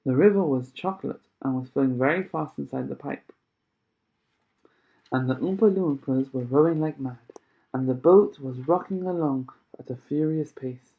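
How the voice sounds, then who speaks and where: A man reading a children's novel aloud chapter by chapter, with expressive storytelling. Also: mid-range voice, normal speed. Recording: tinny phone-like sound.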